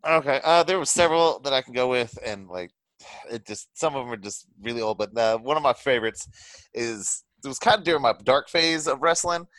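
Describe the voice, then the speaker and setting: Hyped-up guy chatting on a podcast, swears a lot, really lively bright voice. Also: medium pitch, brisk, no echo, low-quality recording. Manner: excitable, swears, bursts into shouting. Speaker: podcast co-host. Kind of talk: casual chat.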